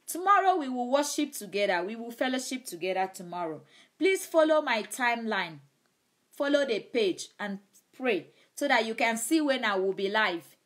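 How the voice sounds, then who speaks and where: Woman preacher, higher pitch, emphatic, repeats phrases, live-stream sermon. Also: lively intonation, moderate pace, fairly bright tone.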